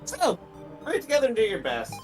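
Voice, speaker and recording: A woman voicing a friendly young man saying goodbye to his friends, soft and earnest. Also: fairly high pitch, wildly swooping pitch, brisk, music in the background, pitched above the performer's own voice.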